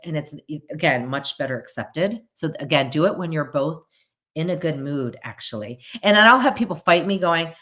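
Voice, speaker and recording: A middle-aged woman clinician chatting casually about a drama, animated and playful, with quick jumps in pitch. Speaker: clinician and commentator. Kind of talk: casual livestream commentary.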